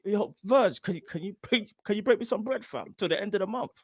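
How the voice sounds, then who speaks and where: Man doing a mock Spanish-accented footballer, joking, pleading, higher, quieter. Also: animated, fairly quick, slightly rough, dry recording, studio quality, exaggerated voice. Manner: joking, playful.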